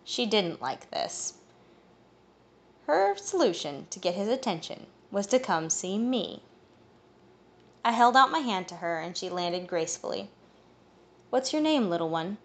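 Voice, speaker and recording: A woman reading a fantasy audiobook in first-person narration, steady and even. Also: medium pitch, measured pace, pauses often.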